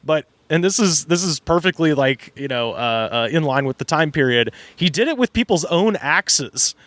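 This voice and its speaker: A man's voice: on the high side, expressive, normal speed, fairly bright tone, no echo. A man hosting a comedy podcast, chatting casually with a guest, rambling through fillers and restarts and laughing often. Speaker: podcast host.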